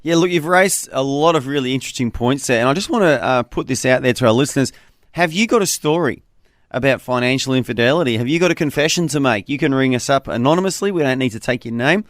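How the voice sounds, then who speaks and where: A man's voice: medium pitch, no echo. Male radio host, dry studio voice. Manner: warm conversational storyteller, slows to repeat phone number. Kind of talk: call-in radio talk.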